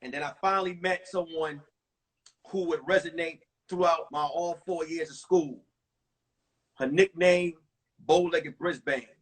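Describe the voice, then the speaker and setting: Comedian guy, 40s, high kinda husky voice, swearing and acting out stories on a phone live. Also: unhurried. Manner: animated, profane storytelling with acted-out voices. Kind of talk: stand-up storytelling on a livestream. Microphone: phone livestream.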